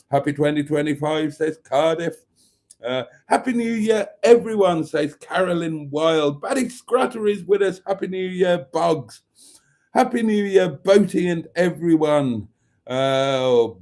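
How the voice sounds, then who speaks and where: During a casual live chat, a male livestream host with a slightly high, darkish voice reads comments from viewers aloud, joking around with a camp delivery.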